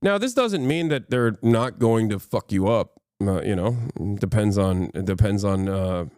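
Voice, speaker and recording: A man streaming, retelling a TV scene in casual, profane, animated commentary with many fillers. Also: lowish voice, measured pace, no room sound, studio quality.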